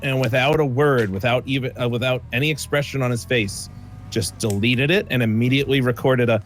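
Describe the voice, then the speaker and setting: A man at a medium pitch chatting casually during a gaming stream. He is relaxed and chimes in to correct details of a story they share. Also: a little fast. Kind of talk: casual chat while gaming.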